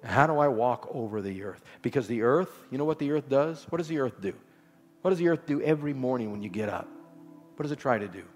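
A man preaching a sermon with rhythmic repetition, swinging from loud exhortation to soft, low lines. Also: lively intonation, fast. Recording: long hall reverb with faint music.

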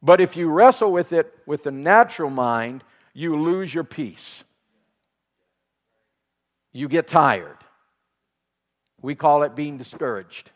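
A pastor with a fairly high, expressive voice preaches a sermon slowly, pausing often, and a long reverb tail trails his words. He repeats phrases for emphasis, asks the congregation questions, and laughs while telling a story from home.

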